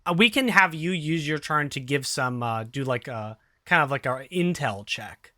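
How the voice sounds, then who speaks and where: Bright-voiced man running a tabletop game. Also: on the high side, lively intonation, moderate pace, no room sound, clean studio sound. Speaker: game master.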